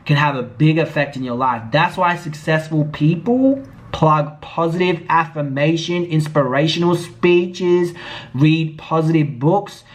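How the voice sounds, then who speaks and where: A man with a slightly raised pitch delivers a blunt, profane rant straight to camera. He sounds indignant and talks like a comedian working through a grievance. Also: unhurried. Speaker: YouTube commentator. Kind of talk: casual commentary vlog.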